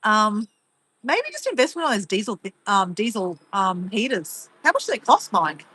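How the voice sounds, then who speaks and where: A woman's voice: mid-range voice, big pitch swings, normal speed, pushed and bright, breathy edge, no echo. An Australian woman vlogging in casual chat, rambling and teasing as she reads viewer comments, laughing often.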